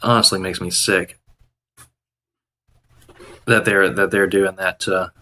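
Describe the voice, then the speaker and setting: Bright-voiced man ranting on a trading stream. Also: low-pitched, fairly even intonation, slow, long pauses. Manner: rambling, indignant, restarts often. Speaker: day trading live streamer. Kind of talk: casual live stream chat.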